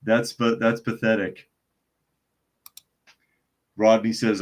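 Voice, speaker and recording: A man's voice: lowish voice, fairly even intonation, takes it slowly, long pauses. A man hosting a casual live stream, chatting and reading viewer comments aloud between laughs. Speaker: host.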